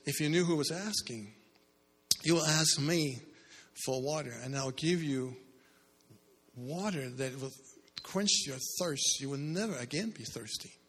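A man doing a calm, earnest teacher's voice. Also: a little high, a little slow, slightly rough. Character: calm, gentle adult male teacher offering water. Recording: echoey hall.

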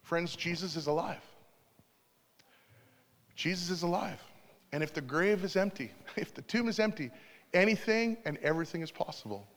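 A man's voice: fairly high pitch, animated, normal speed, long pauses. Conversational male pastor in a reverberant church. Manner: conversational, warm storytelling with asides. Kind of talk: sermon. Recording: long hall reverb.

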